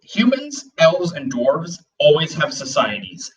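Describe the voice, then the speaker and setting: A man's voice: a little high, wildly swooping pitch, slow pace, distant mic, low-quality recording. A man co-hosting a casual world-building chat, rambling with lots of fillers and acting out little bits. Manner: rambling, full of "like" and "you know", acts out bits. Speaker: podcast co-host.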